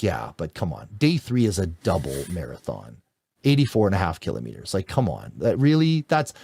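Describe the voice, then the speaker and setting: A man's voice: medium pitch, dry recording. A man in his forties from Canada, an endurance coach telling his story as a guest in a casual, enthusiastic way. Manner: lively, enthusiastic, laughs through stories.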